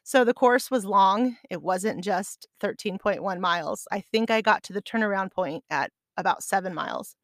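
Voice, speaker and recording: A middle-aged woman from Arizona hosts a podcast, telling a personal story in a chatty, self-deprecating way and laughing along. Her medium-pitched voice moves at a moderate pace with hardly any pauses. The casual monologue is recorded at studio quality with no room sound.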